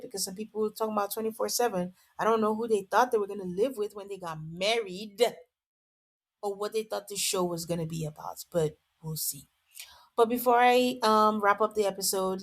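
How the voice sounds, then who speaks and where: A woman hosting a podcast, giving a casual, amused recap full of "like". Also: mid-range voice. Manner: chatty, amused, lots of "like". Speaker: podcast host. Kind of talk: casual reality-show recap.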